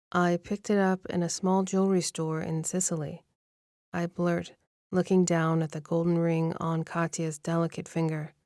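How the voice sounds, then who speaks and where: A woman narrating a first-person romance audiobook in an even, measured storytelling manner, close to the mic. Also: on the low side, no room sound.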